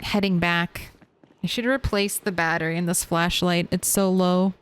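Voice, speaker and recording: A woman's voice: on the low side, steady tone, moderate pace, smooth. A woman streaming a survival game, chatting casually and answering her chat as she plays. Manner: chatty, reads and answers chat while playing.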